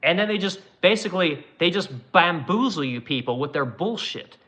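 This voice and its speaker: A man's voice: sits high, animated, normal speed, pushed and bright. A man streaming a profane, aggressive political rant, mocking the people he argues against.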